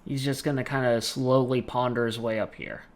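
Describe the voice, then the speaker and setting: A man with a Southern American accent, game master of an online tabletop game, relaxed and muttering to himself as he moves tokens. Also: medium pitch, normal speed.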